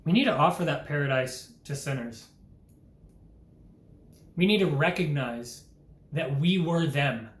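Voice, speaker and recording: A man's voice: on the high side, a little slow, long pauses, echoey room. A young man delivering an impassioned, earnest preaching monologue as a Christian vlogger, urgent and full of rhetorical questions.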